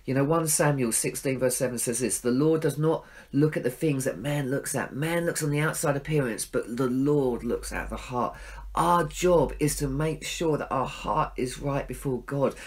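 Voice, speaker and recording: Middle-aged guy preaching, chatty and self-deprecating, mid pitch. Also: moderate pace. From England. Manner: conversational, self-deprecating, acts out inner voices. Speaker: pastor. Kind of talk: sermon.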